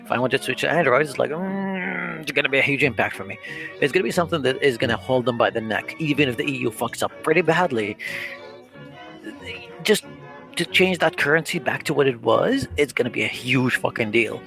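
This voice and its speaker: Male guest from Turkey, earnest arguer, gravelly and bright, faint music behind. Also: mid-range voice, animated, brisk. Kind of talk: casual group chat on a stream.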